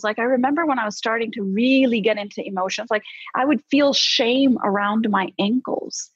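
A woman psychologist, a podcast guest, explaining how to handle emotions in a lively, coaching way with casual fillers. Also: on the high side, normal speed, breathy edge, no echo. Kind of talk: conversational podcast advice. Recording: slightly dull, dry podcast audio.

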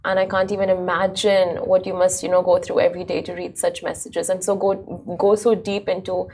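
A woman's voice: on the low side, level tone, fairly quick, a little mellow, slightly rough. A woman interviewing a guest, hesitant and full of fillers. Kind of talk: interview questions.

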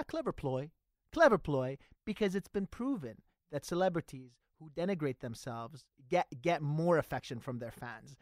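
A man's voice: fairly high pitch, darkish tone, dry recording, studio quality. A man co-hosting a podcast, debating in a playful, teasing way and laughing often. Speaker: podcast co-host. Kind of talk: casual comedic debate.

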